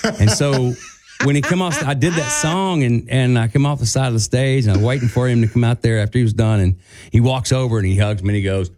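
A country singer and guest co-host telling a backstage story in casual chat, acting out quotes with a raised voice. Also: male voice, fairly quick. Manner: animated, acts out quotes in a higher voice.

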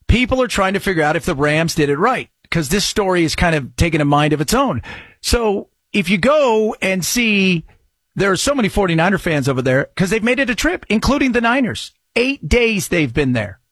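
Excitable talk radio host, man. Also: high voice, slightly rough, dry recording, studio quality. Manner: excitable, jokey, riffing. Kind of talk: casual talk radio commentary.

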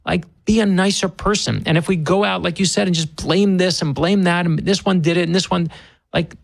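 Gravelly guy guesting on talk radio, earnest, stumbles into his points, dry close sound. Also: high-pitched, steady tone, a little fast, dry recording. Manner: earnest, emphatic, repeats words when starting. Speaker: author guest. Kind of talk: radio interview.

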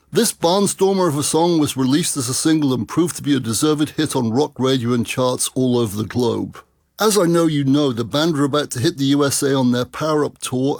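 A man's voice: medium pitch, creaky, a little mellow, dry recording. A man presenting as a radio DJ between songs, an enthusiastic and opinionated rock fan.

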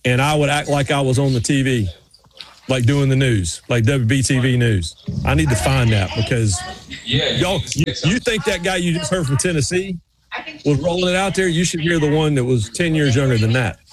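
A man's voice: mid-range voice, moderate pace, background noise. A man from North Carolina with a Southern accent, chatting as a sports radio co-host in a rambling, joking way. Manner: rambling, joking, many restarts. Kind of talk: casual chat.

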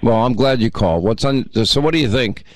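A man's voice: mid-range voice, lively intonation, a little fast, slight background noise. A man hosting a call-in radio talk show, chatting and reminiscing with callers. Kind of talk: casual call-in chat.

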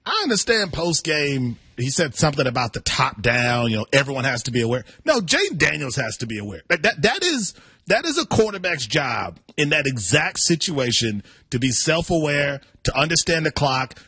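A man co-hosting a sports talk show, chatting casually in an animated, emphatic and self-deprecating way. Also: on the high side, normal speed, slightly rough, no echo. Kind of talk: casual sports radio chat.

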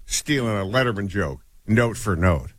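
A man co-hosting a talk show, tossing in dry deadpan asides. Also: on the low side, normal speed, no room sound. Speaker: co-host. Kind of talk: casual banter.

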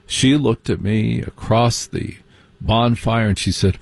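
A man telling a personal story as stand-up comedy, wry and mocking, slipping into quick impressions of other people. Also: on the low side, gravelly, dry recording.

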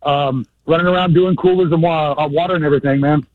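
A man's voice: a little high, fairly even intonation, fast talker, no echo. A young man from Mississippi, calling in out of breath from outdoors, hesitant and full of filler sounds. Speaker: caller. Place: outdoors on a golf course. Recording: tinny phone line.

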